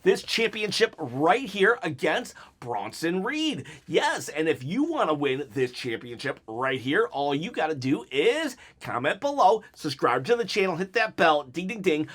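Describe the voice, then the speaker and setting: A man's voice: fairly high pitch, big pitch swings, moderate pace, hardly any pauses, fairly bright tone, breathy edge. A man giving an unscripted one-take review of a wrestling episode, rambling and joking as he goes off on tangents.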